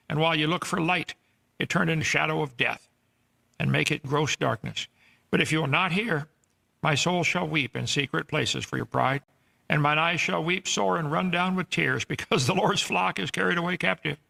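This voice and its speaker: A male preacher with a raised, somewhat high voice, gravelly with creak and bright in tone. He preaches in an earnest, pleading manner, scolding the people who will not listen. The clip is played from an archive recording. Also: normal speed. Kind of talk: sermon on scripture.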